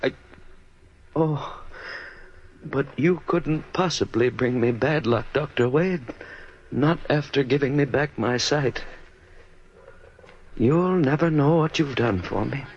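A man's voice: medium pitch, slow, long pauses. An actor playing an aging, anxious, superstitious man in an old-time radio drama, talking in an emotional, pleading way, on a dull old recording with faint hiss. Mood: tender. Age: older. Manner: emotional, pleading, easily frightened.

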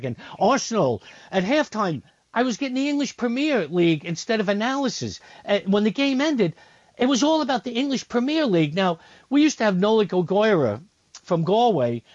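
A man's voice: high-pitched, darkish tone, no echo. A man co-hosting a radio show, ranting with indignation in casual chat. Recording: muffled lo-fi radio audio.

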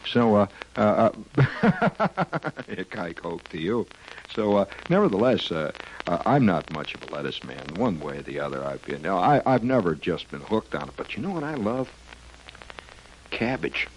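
A man hosting a rambling, whimsical comic radio monologue. He hesitates often with "uh" and breaks into squeaky silly voices. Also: sing-song, moderate pace, a little hiss or hum, low-quality recording. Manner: whimsical, digressive, full of "uh" and sudden squeaky voices. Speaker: radio host. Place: radio studio.

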